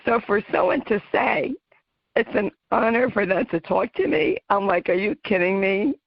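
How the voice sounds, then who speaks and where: A woman's voice: medium pitch, normal speed, creaky, no room sound. A middle-aged American woman hosting her own radio show, talking to her listeners in a heartfelt, emotional way and laughing often. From United States. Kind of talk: personal talk to listeners. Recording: muffled dry home recording.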